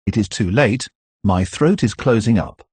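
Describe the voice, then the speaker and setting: A man reading as a dying servant, husky and gasping. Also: lowish voice, lively intonation, a little mellow, no room sound. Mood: agonized. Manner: gasping, pleading, slowed. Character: dying old male servant, choking in agony.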